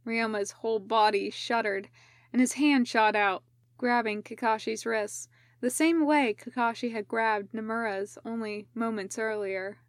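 A woman reads a fan-fiction audiobook in a measured, even way. Her voice sits fairly high and she takes her time. The sound is close and dry. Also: no echo. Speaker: podfic reader.

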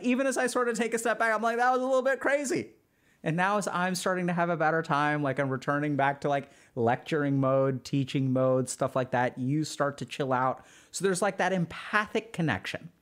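A man with a high voice gives a casual spoken lecture to his live chat. He's a streamer teaching social skills, and his manner is loose and conversational, with heavy use of "like."

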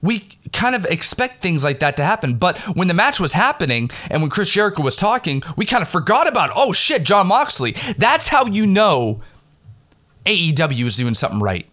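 A man excitedly recapping a wrestling event in a rambling, casual way, swearing freely, recorded on a headset mic at home. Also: a little high, a little fast. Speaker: wrestling fan recapping a pay-per-view. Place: home recording in the Pittsburgh area. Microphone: headset mic with headphones.

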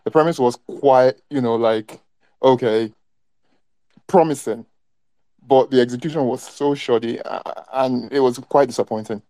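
A man speaks in a casual online panel, giving a blunt, exasperated critique, often restarting his sentences. His voice is dark and mellow. The sound is dry and close. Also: medium pitch, fairly even intonation, moderate pace, no echo. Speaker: film club panelist.

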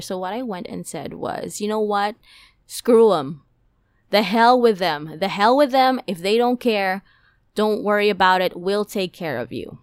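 A woman's voice: medium pitch, dry recording. A young adult woman hosting a podcast, telling a personal story in a chatty, emotional way with many fillers. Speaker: podcast host. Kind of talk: casual storytelling monologue.

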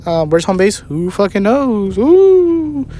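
High-voiced man ranting from his car. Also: lively intonation, brisk. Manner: profane, rambling, joking. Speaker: vlogger. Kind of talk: casual storytelling rant. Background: car engine noise.

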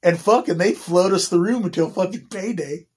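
A man's voice: sits high, moderate pace, husky. A man casually telling a long story, swearing constantly, laughing often and restarting his sentences. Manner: profane, laughing, rambling with many restarts.

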